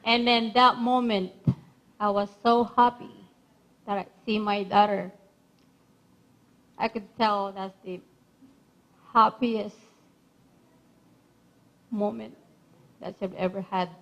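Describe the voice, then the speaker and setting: A middle-aged woman giving a wedding speech as the bride's mother, halting and emotional, laughing between phrases. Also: medium pitch, low-quality recording. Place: wedding reception.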